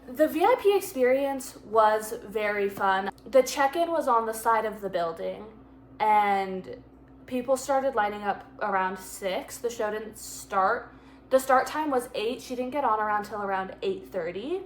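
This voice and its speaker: A young woman vlogging a casual storytime in a chatty, exasperated way, rushing through phrases. She talks into a handheld phone, first while walking outdoors at night and later at home. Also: medium pitch, lively intonation, slight background noise.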